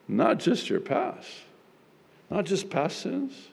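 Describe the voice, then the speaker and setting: Slow, gravelly pastor preaching in a hall. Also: male voice, high voice, wildly swooping pitch. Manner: dramatic, swings from loud exclamations to hushed prayer. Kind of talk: sermon. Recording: long reverb of a large hall.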